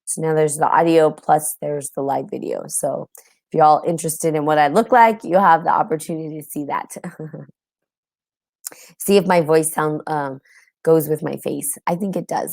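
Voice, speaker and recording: A woman's voice: deep voice, gravelly, a little mellow, no echo, clean studio sound. A woman hosting a casual spiritual podcast, chatty and tired, with many ums and frequent laughs. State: tired, yawning. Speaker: podcast host. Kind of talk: casual spiritual talk with live audience.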